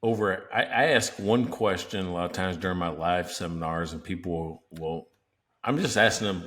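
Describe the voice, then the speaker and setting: A man with a fairly low voice co-hosting a casual business podcast. He talks emphatically and lays out examples step by step, like someone used to running seminars. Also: normal speed, fairly bright tone. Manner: emphatic, teaching with worked examples. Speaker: podcast co-host.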